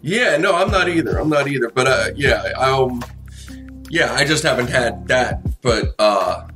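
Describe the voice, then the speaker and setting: A man's voice: medium pitch, animated, measured pace, over music. A man in a casual chat, telling a long, profane story with lots of restarts and fillers.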